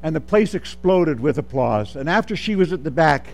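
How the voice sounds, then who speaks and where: Guy preaching, asks amen a lot, goes quiet then loud, high voice. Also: normal speed, vocal fry. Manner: animated, calls for amens, swings from soft to shouting. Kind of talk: sermon.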